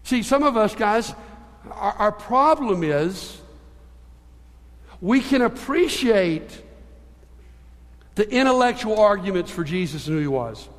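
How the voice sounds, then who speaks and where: High-voiced man preaching in a hall. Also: takes it slowly, pauses often. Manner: animated storyteller, shifting between hushed and emphatic. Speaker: pastor. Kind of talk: sermon with storytelling.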